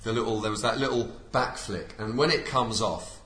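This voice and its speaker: A man's voice: fairly low pitch, moderate pace. Football panel guy, keeps restarting himself, sounds echoey. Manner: animated, self-interrupting. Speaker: podcast panelist. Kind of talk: casual football chat. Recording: roomy echo.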